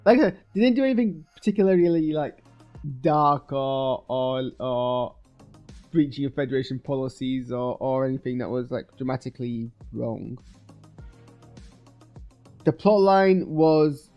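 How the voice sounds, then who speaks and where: A man's voice: medium pitch, unhurried, highs cut off, soft background music. A man giving a casual spoken film review, rambling and hesitant with many restarts. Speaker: video creator reviewing a film. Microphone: streaming webcam setup.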